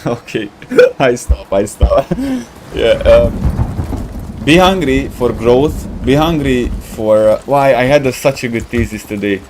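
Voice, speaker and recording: A young man from Romania chats with his live viewers while he plays. He talks slowly, with a lively, swooping pitch. He rambles, laughs often and hunts for words, over a faint hiss. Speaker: gaming livestream host. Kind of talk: casual chat with live viewers while playing.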